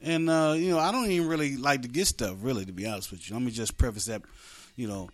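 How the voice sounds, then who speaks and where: A man's voice: medium pitch, fast talker. A man hosting an internet radio show, talking casually in a rambling, joking way and laughing often.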